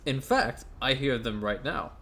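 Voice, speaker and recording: A man's voice: high-pitched, moderate pace, a bit bright, pitched above the performer's own voice. A man hamming up a pompous colonial lord. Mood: proclaiming. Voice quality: theatrical put-on accent, grand proclamations. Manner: declaiming with chuckles. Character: pompous grandiose male colonial ruler addressing his town.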